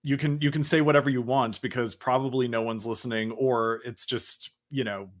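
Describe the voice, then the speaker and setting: A man's voice: medium pitch, steady tone, moderate pace. A man co-hosting a podcast, chatting in a laid-back, agreeable way with many fillers. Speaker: podcast co-host. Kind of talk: casual podcast chat.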